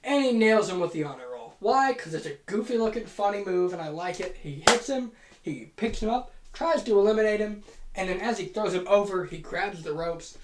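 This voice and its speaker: A woman hosts a comedic monologue, spinning an imagined wrestling match with profane, rapid-fire glee. Her pitch leaps around constantly as she tells it. The voice sits in a roomy, echoing space. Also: slight background noise. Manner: profane, excitable, rapid-fire comic storytelling. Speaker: host. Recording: roomy echo.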